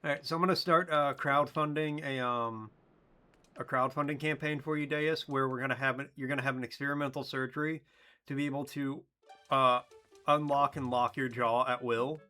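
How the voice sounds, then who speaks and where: A man's voice: mid-range voice, steady tone, normal speed, bright, forceful tone, clean tone, soft background music. A man joking and riffing with his chat while playing a video game on a stream. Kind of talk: casual gaming stream chat.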